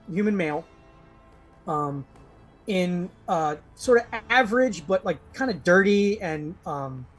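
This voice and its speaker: A man's voice: high-pitched, breathy edge. A man narrating as game master in a live-play tabletop game, describing scenes in a rambling way full of fillers.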